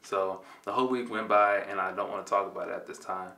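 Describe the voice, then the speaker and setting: A man's voice: deep voice, steady tone, fast talker, sharp tone. Laid-back man telling a story, roomy sound. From Compton, California. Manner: laid-back, slangy, acts out dialogue. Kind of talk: personal storytelling. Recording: roomy, mic at a distance.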